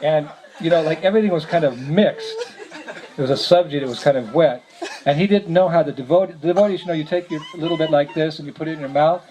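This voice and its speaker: A man's voice: fairly high pitch, fast talker, lo-fi sound. A man, a visiting monk, telling a story to a gathering, chuckling often as he speaks. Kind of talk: storytelling talk. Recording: noisy lecture recording.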